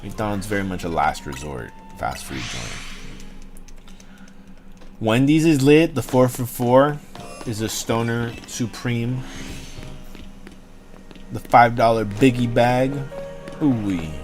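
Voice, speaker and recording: A man's voice: medium pitch, takes it slowly, pauses often, a little mellow, soft background music. A young man hosting a livestream, rambling and joking casually with his chat, swearing freely. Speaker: livestream host.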